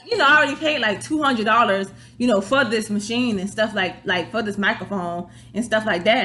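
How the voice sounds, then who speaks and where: A chatty young woman hosts her own casual vlog. She tells her stories in an animated way, with high, squealing quoted reactions. Her voice sits a little high and sounds bright and forceful, picked up on a basic phone or webcam mic. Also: a little fast, few pauses. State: out of breath. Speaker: vlog host. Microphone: phone or webcam, before her new microphone works.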